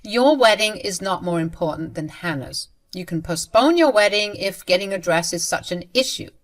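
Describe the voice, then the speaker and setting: A dismissive, scolding middle-aged mother, read by a woman narrator in a storybook drama. Her tone is irritated and entitled, with the voice lifting higher and louder than the plain narration. It stays within the reader's own fairly low range. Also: unhurried.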